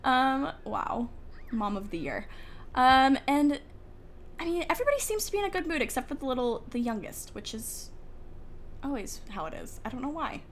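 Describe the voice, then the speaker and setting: A woman's voice: high-pitched, sing-song, normal speed, slight background noise. A young woman casually commentating a life-sim game from home, chatty and giggly, talking to her characters. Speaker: gaming YouTuber. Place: home room with the window open. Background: faint outdoor ambience.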